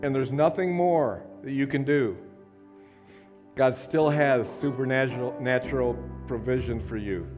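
A man's voice: mid-range voice, a little slow, darkish tone, soft background music. A man preaching a sermon to a congregation, fervent, repeating phrases and calling out to the room. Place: church service.

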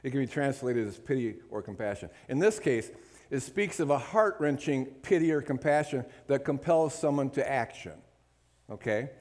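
A male pastor preaching a sermon, often checking in with his listeners and swinging between loud emphatic lines and quiet asides. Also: medium pitch, lively intonation, normal speed.

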